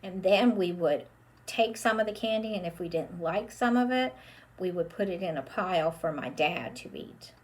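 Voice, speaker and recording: A woman's voice: fairly low pitch, lively intonation. A woman leading a children's storytime with a puppet, drawing out her words in a sing-song way. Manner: slow, sing-song, drawn-out for kids.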